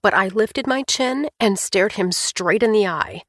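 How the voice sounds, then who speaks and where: Brief: female audiobook narrator, first person, mid-pitched, even and clear, dry close-miked sound. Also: measured pace, dry recording.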